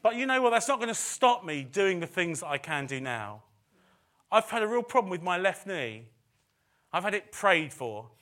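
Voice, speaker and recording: A man's voice: high voice, very animated, moderate pace, fairly bright tone. A middle-aged man preaching a sermon in a chatty way, with self-deprecating asides and phrases repeated for emphasis. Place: church service.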